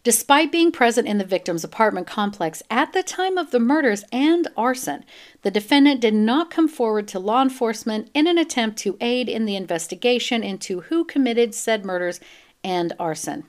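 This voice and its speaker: A woman's voice: fairly high pitch, moderate pace. A woman hosting a true crime podcast, reading news reports aloud and breaking into blunt, profane rants. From United States. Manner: blunt, swears freely, animated when ranting. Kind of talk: reading news with ranting asides.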